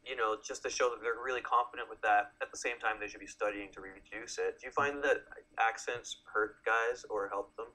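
A man hosting an interview in a relaxed way, mostly answering with short agreements and asking plain questions. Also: on the low side, a little fast, low-quality recording. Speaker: interview host. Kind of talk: casual interview talk.

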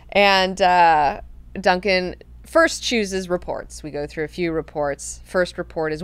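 A woman hosting an online book club, recapping chapters in an animated, enthusiastic way and swearing freely. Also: on the low side, slow pace, clear, resonant tone, no echo. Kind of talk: casual book discussion.

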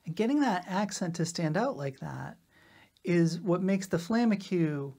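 Low-voiced woman teaching drum rudiments. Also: a little slow. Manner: relaxed, often checks in with "right?". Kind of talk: casual instructional talk.

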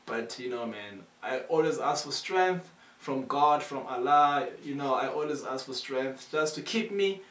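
A young man, a student, hosting a reaction video in a casual and enthusiastic way. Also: medium pitch. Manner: enthusiastic, chatty. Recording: echoey room, far from mic.

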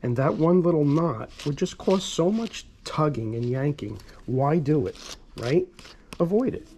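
A man's voice: a little high, lively intonation, a little slow, poor audio. A man working as a dog groomer, chatting casually to viewers through a grooming tutorial, recorded on a camera mic in a grooming salon. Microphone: GoPro camera mic. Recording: loud electric clipper hum behind. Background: electric clippers buzzing.

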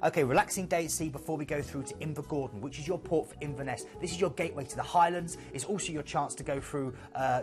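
A man's voice: fairly high pitch, quick pace, hardly any pauses, over music. A man presenting cruise destinations on a live TV sales show, rambling enthusiastically. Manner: enthusiastic, rambling travel descriptions.

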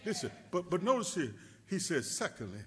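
A male pastor preaching a sermon, rising to shouts and dropping to a hush, repeating words and calling out to his congregation. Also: big pitch swings, a little fast. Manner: rising to shouts then dropping low and quiet.

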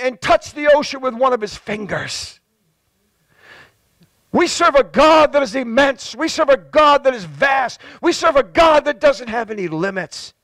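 A male pastor with a New England accent preaching a fervent sermon, stacking repeated words and swelling into shouts. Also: no echo. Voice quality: high-pitched and impassioned, repeating words as he builds.

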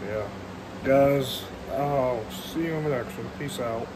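A young man in his late teens with a hoarse voice, still getting over a cold, talking casually to his vlog viewers and calling them "guys" again and again. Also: medium pitch, slow, heavy background noise. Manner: keeps addressing viewers as "guys". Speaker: vlogger. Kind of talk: casual vlog talk to camera.

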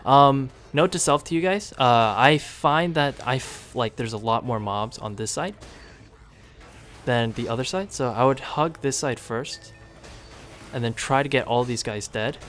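A man keeps up easy running commentary as he plays, his voice sitting at an ordinary middle pitch. He chats to the screen and cheers the little figures on, now and then breaking into a sudden excited shout. Soft game music plays faintly underneath. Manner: chatty, talks to the game units, sudden excited outbursts. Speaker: gaming video creator. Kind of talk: casual gameplay commentary.

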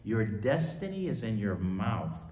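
Man preaching with swelling, lively emphasis. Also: fairly low pitch, measured pace, distant mic, a little hiss or hum. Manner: emphatic preaching with sudden loud swells and quiet asides. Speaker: pastor. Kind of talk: sermon. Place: church sanctuary. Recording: echoey church hall.

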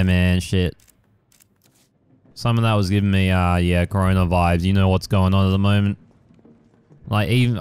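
A man's voice: deep voice, a little mellow, clear, resonant tone. A young man hosting a casual let's-play, rambling with many fillers and casual swearing as he plays. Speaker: gaming channel host.

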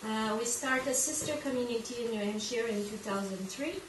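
French Canadian woman presenting from afar. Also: fairly high pitch. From Quebec, Canada. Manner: halting, searching for English words. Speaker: guest presenter. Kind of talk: informal presentation. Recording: echoey room from far off, background noise.

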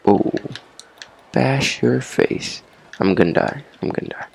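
A man's voice: mid-range voice, expressive, takes it slowly, vocal fry, breathy edge. A young man giving casual commentary on his first game session, repeating himself, swearing at enemies and laughing. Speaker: gamer.

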